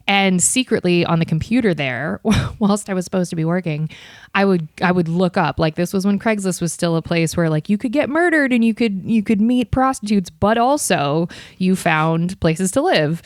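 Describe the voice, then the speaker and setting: A woman in her thirties, host of a podcast, chatting casually about her past while being interviewed, self-mocking and quick to quote herself. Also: fairly low pitch, darkish tone, dry recording, studio quality. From Ohio.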